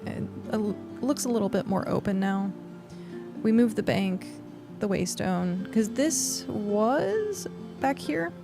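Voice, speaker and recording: Over background music, a woman game streamer rambles casually to her livestream, thanking viewers and talking as she plays, with lots of fillers. Her mid-range voice is animated and slow, with some vocal fry.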